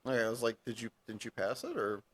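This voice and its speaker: A man's voice: mid-range voice, fast, no room sound. A young man co-hosting a podcast, chatting casually with short teasing replies and frequent laughter. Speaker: podcast co-host. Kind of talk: casual chat.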